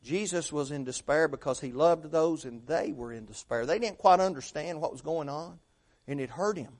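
Middle-aged male preacher, high-pitched, asks the room questions, drops to hushed tones. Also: moderate pace. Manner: rhetorical questions, swings from loud to hushed. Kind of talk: sermon.

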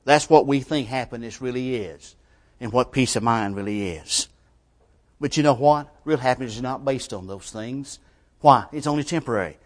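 A male preacher delivering a sermon with rhetorical questions, shifting between quiet, measured lines and forceful emphasis. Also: mid-range voice.

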